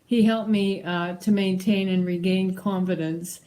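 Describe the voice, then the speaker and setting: A woman's voice: mid-range voice, steady tone, unhurried, mellow, low-quality recording. A woman singer speaking a reflective tribute to a former teacher, with fillers. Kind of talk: spoken tribute.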